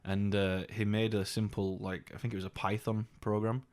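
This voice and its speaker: Sweary young man, low voice. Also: moderate pace. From United Kingdom. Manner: sweary, animated storytelling with mocking put-on voices. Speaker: podcast co-host. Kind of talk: casual chat.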